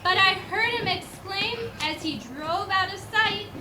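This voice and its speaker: A woman teacher reading a Christmas poem aloud in a clear, measured way, then making announcements. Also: extremely high pitch. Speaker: preschool teacher. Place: school room or hall. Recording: echoey room from far off, background noise.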